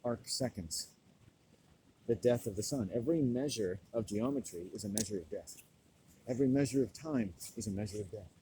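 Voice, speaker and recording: A stoned man delivering a rambling, profane monologue, loud and laughing often. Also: on the low side, moderate pace, slight background noise, low-quality recording. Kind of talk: profane ranting monologue to camera.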